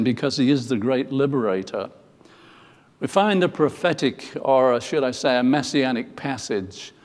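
A man's voice: mid-range voice, long reverb tail. A man preaching a sermon, explaining scripture with emphatic quotations and some hesitant fillers.

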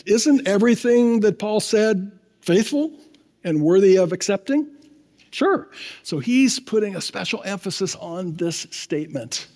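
A man's voice: high voice, darkish tone. A man preaching a sermon, emphatic, calling on the congregation for amens. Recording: long hall reverb.

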